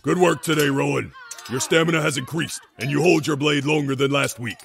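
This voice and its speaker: Gruff elf commander in an audio drama, voiced by a man: gravelly, always yelling, barks orders. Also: fairly even intonation, a little fast. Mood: approving. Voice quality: deep and gravelly. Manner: barking loud orders.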